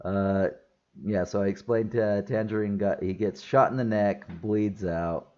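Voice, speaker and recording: Man, lowish voice, casual movie review, chatty, laughs often, muffled lo-fi sound. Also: fairly even intonation, unhurried, mellow.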